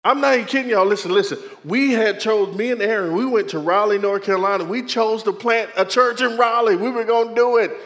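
Animated preacher man in a reverberant hall. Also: high-pitched, a little fast, few pauses. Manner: animated storytelling preacher, calls to the congregation. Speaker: pastor. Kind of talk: sermon.

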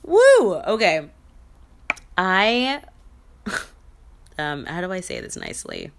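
A woman's voice: fairly low pitch, wildly swooping pitch, takes it slowly, gravelly, fairly bright tone, slight background noise. A woman hosting her own podcast in casual solo chat, blunt and chatty, laughing often and slipping into playful sing-song asides. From mixed heritage. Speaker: podcast host.

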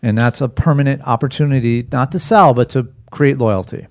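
A man in his forties talks shop on a casual podcast. He is animated and swears freely, slipping into quick impressions of customers as he makes his points. His voice sits at an ordinary middle pitch. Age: 40s. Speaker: podcast co-host, pizza restaurant owner.

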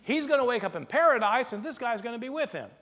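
Man, lecturer, high voice, very expressive pitch, rhetorical questions, long hall reverb. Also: quick pace. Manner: animated, rhetorical questions, plays out imagined exchanges. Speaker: lecturer on early Christian texts.

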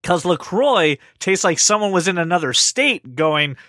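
A podcast co-host, a man, rambling in casual chat with lots of restarts and stumbles. His voice sits a bit high and swings widely in pitch. The sound is dry and close. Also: a little slow, dry recording. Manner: animated, rambling with many restarts.

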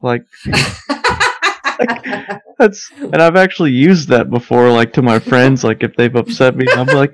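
Laid-back man with a gravelly voice. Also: mid-range voice, lively intonation, moderate pace, no room sound. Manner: laid-back, amused, says "like" a lot. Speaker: podcast guest, teacher's spouse. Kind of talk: casual podcast chat.

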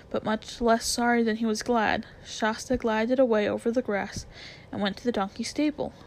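A woman reading a children's storybook aloud, calm, steady and soft-spoken. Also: a little high. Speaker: reader. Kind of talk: storybook narration read aloud.

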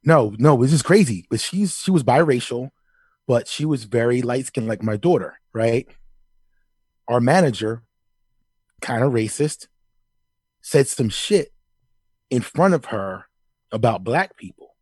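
Husky middle-aged dude chatting on a podcast, dry sound, swears a lot. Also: male voice, medium pitch, measured pace, pauses often, dry recording. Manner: storytelling, profane, animated. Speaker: podcast co-host. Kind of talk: casual chat.

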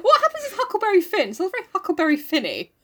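A young woman co-hosting a casual podcast, animated and sweary, giggling as she reads a novel aloud and comments on it. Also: extremely high pitch, racing. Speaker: podcast co-host.

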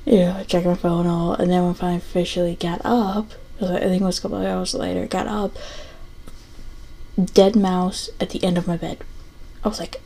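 A woman's voice: fairly low pitch, little pitch movement, brisk, gravelly, mellow, low-quality recording. A young adult woman hosting a casual solo podcast, rambling with lots of fillers and restarts. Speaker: podcast host.

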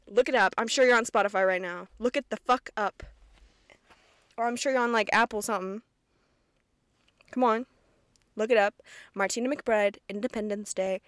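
The recording is dry and studio-quality, carrying a fairly high, fairly bright voice. She's a twenty-year-old woman from rural Kentucky hosting her own podcast, chatting and rambling casually while cursing freely and making fun of herself.

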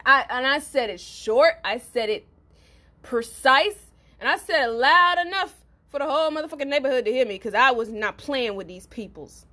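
A woman's voice: high-pitched, moderate pace. Brash, profane young woman storyteller. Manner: blunt, profane, animated storytelling with laughs. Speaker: podcast host. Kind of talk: storytelling monologue.

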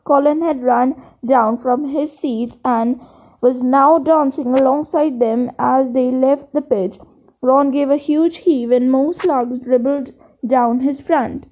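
A woman reading a storybook aloud, steady but with occasional slips and restarts. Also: sits high, slow, phone-quality sound. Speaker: reader. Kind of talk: audiobook reading.

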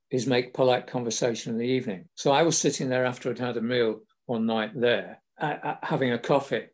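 A man's voice: mid-range voice, darkish tone. An older man from England hosting a podcast, telling wry anecdotes in a casual storytelling way. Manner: wry, self-deprecating humour. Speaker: podcast host.

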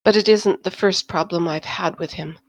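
A woman's voice: on the low side, moderate pace, no echo. A woman reading as a poised, anxious dance-house hostess. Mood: worried. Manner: polite, formal phrasing.

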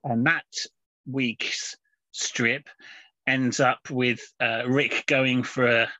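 A man with a mid-range, level, bright, forceful voice draws out his words, with no room sound audible. He co-hosts a casual podcast reviewing comics, rambling with many fillers and restarts, recorded in dull lo-fi audio.

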